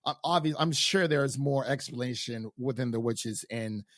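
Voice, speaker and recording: Enthusiastic man, mid-pitched, dry mic. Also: normal speed, no room sound. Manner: enthusiastic, acts out his own reactions in quotes. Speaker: podcast co-host. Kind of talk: casual TV recap chat.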